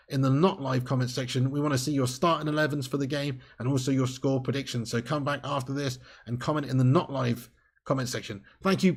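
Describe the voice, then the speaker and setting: Chatty man hosting a fan livestream. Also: fairly high pitch. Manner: chatty, joking, reads out viewer names. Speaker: fan channel host. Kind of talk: live stream chat.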